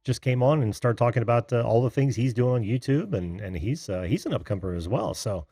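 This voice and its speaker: Easygoing guy hosting a call-in video show, bouncy lively pitch, dry close sound. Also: a little fast, slightly rough, no room sound. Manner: laughs often, easygoing, relaxed. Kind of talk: casual video call chat.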